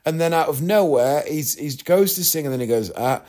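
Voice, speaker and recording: A man's voice: fairly high pitch, expressive, fairly quick, darkish tone. A man hosting a podcast, telling a rambling travel story in a chatty way and laughing at his own tale. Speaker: podcast host. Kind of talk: casual storytelling monologue.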